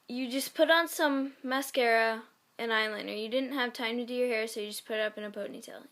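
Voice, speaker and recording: A woman's voice: fairly high pitch, bright, forceful tone. A woman reading fan fiction aloud in a casual way, often breaking off to giggle and comment on the text. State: sick.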